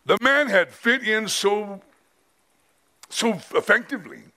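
Man, pastor, sermon, slow deliberate delivery, bright forceful tone, emphatic. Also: high-pitched, lively intonation. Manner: dramatic, emphatic, with drawn-out pauses. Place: men's conference.

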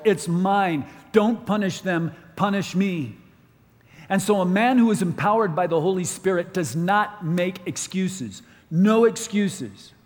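Guy preaching a sermon, kinda high voice, hits his points hard, big echoey hall. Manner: emphatic, slows and lifts voice to drive points home. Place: large conference hall. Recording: long hall reverb.

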